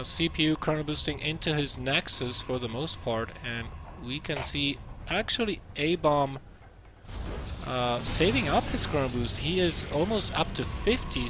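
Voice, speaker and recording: A man's voice: fairly high pitch, noisy background. A man casting a strategy game match, chatty and self-deprecating, with lots of filler words. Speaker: esports caster. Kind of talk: play-by-play game commentary.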